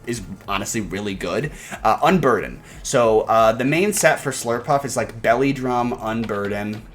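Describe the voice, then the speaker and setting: A man's voice: medium pitch, expressive, normal speed. A man casually analyzing his game team in a video, enthusiastic and rambling, with frequent fillers and restarts. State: hiccups. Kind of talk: casual commentary.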